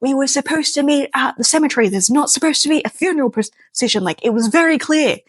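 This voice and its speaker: A woman's voice: expressive, fairly quick, no room sound, lightly acted. A woman voicing a panicking young man who swears and frets while driving. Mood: panicked. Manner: frantic, swearing, high-strung.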